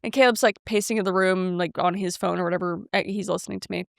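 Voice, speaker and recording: A woman's voice: lowish voice, fairly even intonation, fast, vocal fry, no echo, clean studio sound. A woman co-hosting a podcast, telling a rambling, self-mocking story in casual chat and quoting herself and others. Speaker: podcast co-host.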